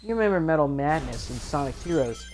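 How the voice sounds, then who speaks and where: A low-pitched woman chatting through a let's play, recapping scenes in a loose, rambling way. She corrects herself often and slips into voices for the characters she quotes. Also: lively intonation, fast talker, a little mellow, soft background music. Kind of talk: rambling game recap chat.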